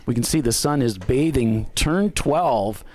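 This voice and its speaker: A man co-hosting live race commentary, chatty and relaxed, with easy laughs. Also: medium pitch, measured pace.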